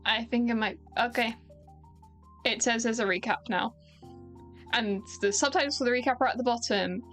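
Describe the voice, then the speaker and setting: A woman's voice: on the high side, moderate pace, pauses often, fairly bright tone, soft background music. A British woman streaming a game, rambling and self-mocking as she chats with viewers. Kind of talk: casual gameplay commentary.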